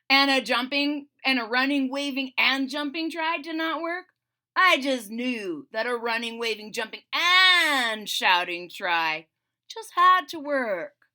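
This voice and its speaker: A woman voicing a patient, encouraging frog in a storybook read-aloud, calm and reassuring. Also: high voice, slow, heavily acted.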